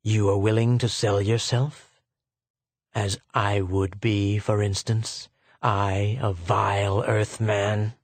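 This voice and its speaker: A man reading a cruel, sneering male official, speaking in a contemptuous, deliberate way. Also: fairly low pitch, flat delivery, no echo. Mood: mocking.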